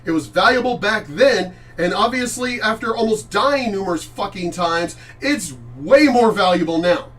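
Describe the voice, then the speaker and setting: A middle-aged man gives casual reaction commentary in a high voice, blunt and full of swearing. He rambles and restarts his sentences. He sits some distance from the mic. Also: animated, moderate pace, hardly any pauses, a bit bright. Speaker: channel host reacting to clips.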